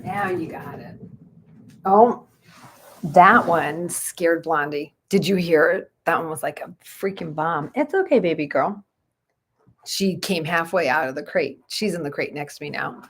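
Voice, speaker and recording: A woman's voice: deep voice, a little hiss or hum. A woman who practices Reiki, chatting casually on a livestream at home at night and cooing to her dogs in baby talk.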